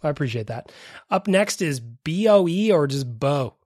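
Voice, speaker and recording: A man's voice: fairly high pitch, expressive, moderate pace, darkish tone, no room sound, clean studio sound. A man hosting a casual podcast, reacting to listener voicemails with laughter, swearing, and effusive thanks. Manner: profane, laughing, effusively grateful. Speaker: podcast host.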